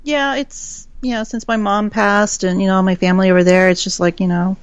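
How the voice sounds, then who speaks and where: A woman's voice: medium pitch, fairly even intonation, brisk, clean tone, no room sound. A woman from Texas, a guest in a casual chat, telling stories with lots of laughs and acted-out quotes. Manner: chatty storyteller, laughs often, acts out quoted voices. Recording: dull lo-fi call audio.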